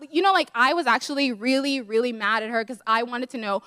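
Woman, high voice, earnest co-pastor, emotional, dry sound. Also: a bit bright, no room sound. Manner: emotional, earnest, fast in bursts. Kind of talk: sermon sharing a personal story.

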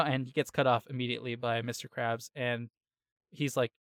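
A man hosting a laid-back podcast chat. His voice is smooth and resonant, and it sits in a middling range. He retells the story in a lively, slangy way and keeps tossing in quick asides, and the recording is close and dry. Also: mid-range voice, no echo. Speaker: podcast host. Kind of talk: casual chat, episode recap.

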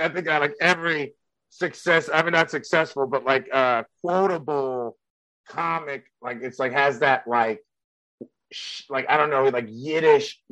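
On the high side and bright, this young comedian's voice comes through forceful yet in poor audio with no echo. Guesting on a podcast, he talks in a Mexican accent, rambling bluntly through a casual chat full of laughs and curses.

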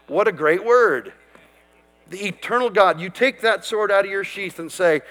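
A man's voice: sits high, moderate pace, a bit bright, in a large hall. A man preaching a sermon, quoting and declaring scripture with emphatic conviction. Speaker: pastor.

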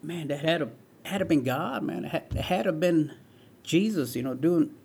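A man's voice: on the high side, animated, normal speed, creaky, darkish tone, slightly rough. A man in his forties, a guest in an interview, telling his life story in an earnest way and often saying "man" and "right". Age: 40s.

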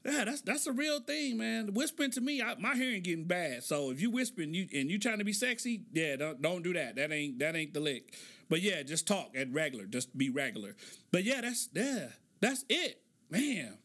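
A middle-aged man rambles through a comic podcast monologue, breaking into laughs between stories. His voice sits high and sounds bright and forceful. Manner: joking, loose storytelling with laughs. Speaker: podcast host. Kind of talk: casual comedic monologue.

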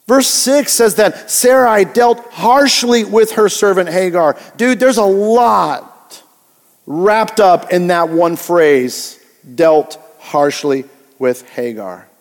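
Male pastor, sermon, high voice, conversational and emphatic, echoing church hall. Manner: conversational, emphatic, repeats key words.

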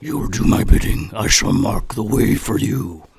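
A man voicing a ghostly, booming, planet-eating robot god while reading a script aloud. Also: moderate pace, vocal fry, a little mellow, husky, exaggerated voice. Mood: commanding.

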